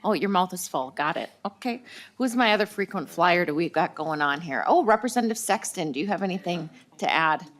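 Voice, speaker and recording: A woman's voice: lowish voice, lively intonation, brisk, a bit bright. A woman chairing a legislative committee hearing, chatty and joking, with many fillers. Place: hearing room.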